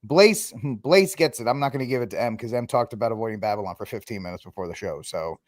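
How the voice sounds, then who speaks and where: A man's voice: fairly low pitch, lively intonation, fast talker, no room sound, studio quality. A man hosting a casual podcast chat, joking and rambling, often laughing between points. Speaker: show host.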